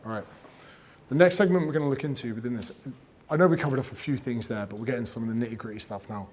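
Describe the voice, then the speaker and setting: A man giving casual, energetic advice on growing an audience, swearing freely and acting out what people say. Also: medium pitch, quick pace. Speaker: fitness and business coach giving creator advice. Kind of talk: casual talk, teaching.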